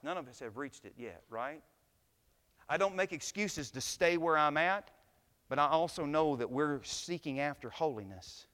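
A man preaching a sermon to his church, telling stories and building to loud, impassioned climaxes. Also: fairly high pitch, big-room sound. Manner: preaching, swells to shouts at climaxes. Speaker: pastor. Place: church sanctuary.

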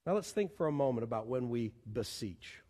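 A pastor, preaching a sermon in animated style with pleading repetitions. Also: male voice, mid-range voice, a little fast. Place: church sanctuary. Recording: long church hall reverb.

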